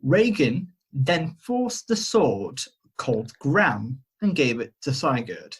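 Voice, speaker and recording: A man's voice: medium pitch, sing-song, measured pace, breathy edge. A man co-hosting a podcast over a video call, retelling a myth in a rambling, hesitant way with self-mocking jokes. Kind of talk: casual storytelling chat. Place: home, remote call.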